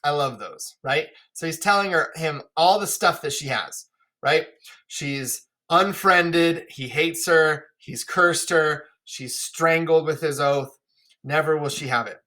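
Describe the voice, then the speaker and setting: Male teacher, casual and chatty, bright voice. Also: fairly high pitch, slow. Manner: casual, chatty, frequent "right?" asides. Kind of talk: lesson explaining a play.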